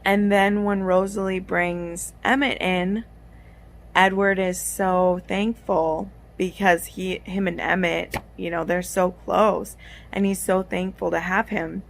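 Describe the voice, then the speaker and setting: A woman's voice: on the low side, level tone, takes it slowly, creaky. A young woman vlogging about a book she is reading, chatty and gushing, with many fillers. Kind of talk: casual reading vlog.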